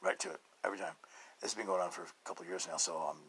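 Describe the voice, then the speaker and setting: A man hosting a casual spiritual podcast monologue, rambling and chuckling often, dropping to hushed murmurs and then jumping to loud bursts. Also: low voice, sing-song, very fast, gravelly, a little hiss or hum, rough recording. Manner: chuckles often between thoughts. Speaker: podcast host.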